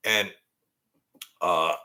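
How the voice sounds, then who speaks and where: A man's voice: sits low, fairly even intonation, extremely slow, sharp tone. Rambling, profane man telling stories. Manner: rambling and profane, fills gaps with "blah, blah, blah". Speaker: storyteller recounting his past. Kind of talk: casual spoken storytelling.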